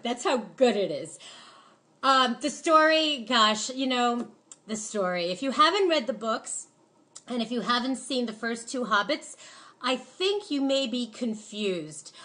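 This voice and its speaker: A woman's voice: high-pitched, sharp tone. A chatty woman hosting a casual film review, rambling with many fillers and gushing with enthusiasm. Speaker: film reviewer, show host.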